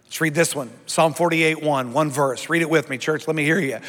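A middle-aged man preaches a sermon to his congregation in a slightly higher-than-usual voice. He is emphatic and has the room read Scripture aloud with him. His voice trails off in a long hall reverb. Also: a little fast, hardly any pauses, fairly bright tone. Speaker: pastor. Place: church sanctuary before a congregation, also streamed online.

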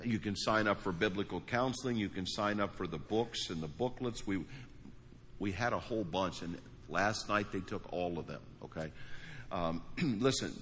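A man's voice: sits low, moderate pace, fairly bright tone. A man preaching as a pastor, praying and then speaking earnestly and personally to his congregation, often restarting his phrases. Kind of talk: sermon with prayer and altar call. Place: large church auditorium. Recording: long hall reverb, faint room noise.

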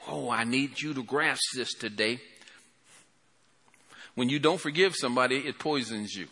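A man preaching an impassioned sermon in a church hall, swelling loud then dropping to a hushed prayer. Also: mid-range voice, normal speed, slight background noise. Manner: impassioned, rising and falling, calls for amen.

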